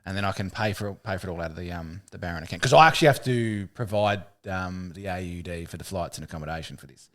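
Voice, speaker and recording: A man's voice: low-pitched, fast talker, a bit bright. An Australian man co-hosting a podcast, rambling with fillers and the odd swear in casual chat. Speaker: podcast co-host.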